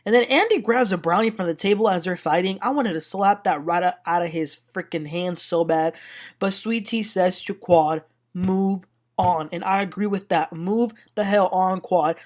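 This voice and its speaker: Blunt, opinionated woman recapping reality TV. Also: medium pitch. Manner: opinionated, blunt, retells scenes with running commentary. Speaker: TV recap host.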